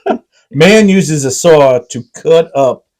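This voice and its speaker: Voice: mid-range voice, lively intonation, slow, a little mellow. A podcast co-host reading out absurd AI-written comedy scenes with playful, dry timing.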